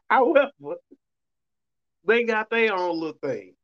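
Southern us man, fairly high voice, rambling casual monologue, muffled lo-fi sound. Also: expressive, slow pace, long pauses. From Southern United States. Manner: loose, rambling, swings voice up for quoted reactions. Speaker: show host. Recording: muffled lo-fi recording.

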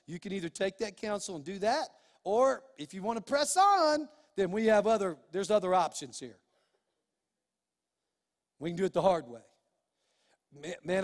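A man's voice: sits high, animated, brisk, in a large hall. A middle-aged male pastor preaching a sermon in a folksy, emphatic way, full of restarts and quoted asides.

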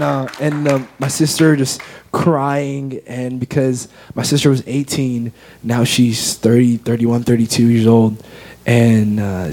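A young American man gives a personal testimony as an interview guest. His voice is warm and mellow. He tells his story earnestly and from the heart. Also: mid-range voice. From United States.

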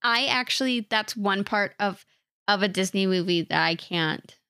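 A laid-back woman co-hosting a podcast, joking about herself and giggling often. Her pitch is ordinary for a woman, and the recording is dry and close. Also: normal speed, pushed and bright, smooth, dry recording. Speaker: podcast co-host. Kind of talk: casual chat on a live stream.

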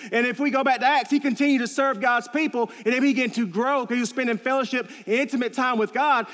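A man's voice: very high voice, a bit bright, big-room sound. A man preaching a sermon in a church, earnest and storytelling, repeating key phrases for emphasis. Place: church sanctuary.

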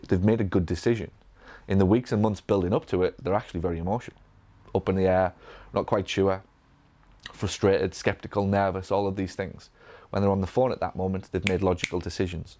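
A man from England with a Northern English accent, coaching physio business owners in a live Q&A, energetic, with many restarts and acted-out patient lines. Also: low voice. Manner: energetic, repetitive restarts, acts out patient dialogue. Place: event room.

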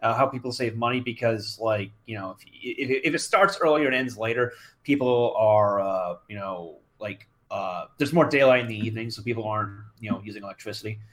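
A man's voice: on the low side, a little fast, a bit bright. Podcast co-host guy, thirties, rambly and repetitive, lots of ums. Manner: rambling, repeats words, many fillers. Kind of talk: casual chat.

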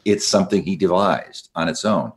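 A man's voice: low-pitched, normal speed. A man, a biographer guest on a radio show, explaining history in a thoughtful storytelling way. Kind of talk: radio interview.

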